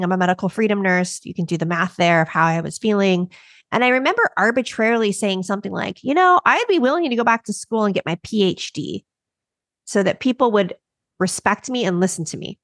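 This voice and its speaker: A woman's voice: medium pitch, lively intonation, brisk, a bit bright, no echo, studio quality. A woman co-hosting a casual podcast, telling a story in an earnest and enthusiastic way. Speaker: podcast co-host, coach. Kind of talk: casual chat.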